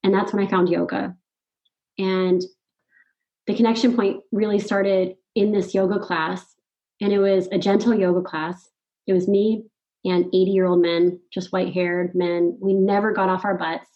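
A middle-aged woman, a podcast guest, telling a personal story in casual conversation, animated and laughing often. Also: mid-range voice, normal speed, highs cut off. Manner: animated, laughs often, quotes her own thoughts.

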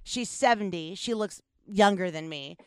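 A woman's voice: medium pitch, normal speed, smooth, dry recording, clean studio sound. A woman in her forties hosting a podcast, chatting candidly, laughing often and swearing freely. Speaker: podcast host. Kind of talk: casual chat.

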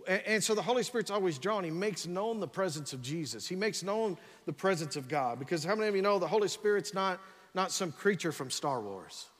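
A pastor preaching, his voice notably high for a man, with a long echo from a large church sanctuary. He talks with energy, keeps urging the crowd on and stumbles over repeated words as he pushes ahead. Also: a little fast. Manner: energetic preaching with frequent "come on" and repeated restarts. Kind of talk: sermon.

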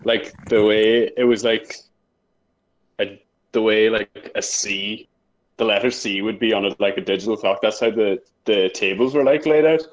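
A man's voice: fairly low pitch, moderate pace, low-quality recording. A young man telling a school story in casual chat with friends, rambling through fillers and laughing often. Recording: faint background noise with clicks.

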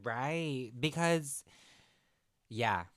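A woman's voice: rumbling low, very slow, no echo, studio quality. A woman co-hosting a podcast in casual chat, effusive and often gasping and exclaiming. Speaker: podcast co-host.

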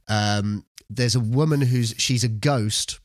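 Animated man on a dry podcast mic. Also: medium pitch, takes it slowly, no room sound. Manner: animated, repeats words while thinking. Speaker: podcast co-host. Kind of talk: casual chat.

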